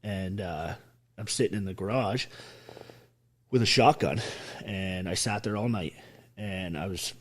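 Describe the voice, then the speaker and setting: A husky man from Canada speaks in a fairly low voice as a podcast guest. He tells his life story bluntly, with hard swearing and driving intensity. An army veteran who never softens his words. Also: unhurried, pauses often. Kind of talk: raw personal storytelling in a podcast interview.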